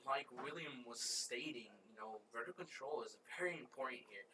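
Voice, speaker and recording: A man's voice: mid-range voice, a little fast. A man giving color commentary on a competitive video game match, explaining tactics and repeating points. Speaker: esports analyst. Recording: distant mic with faint hiss.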